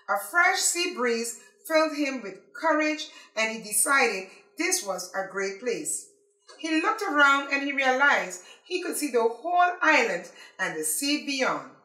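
A woman reading a children's picture book aloud as a library storyteller, in an expressive, animated way. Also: high voice, roomy sound, poor audio.

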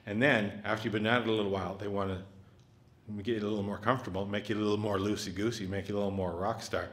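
Speaking quickly in a bright, forceful, medium-pitched voice, a fifty-something comedian fields audience questions on a theatre stage, joking around and making fun of himself.

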